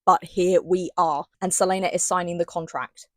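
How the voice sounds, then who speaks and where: A young woman giving a casual book review vlog, chatty and animated, with dramatic asides. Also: fairly low pitch, moderate pace, background noise.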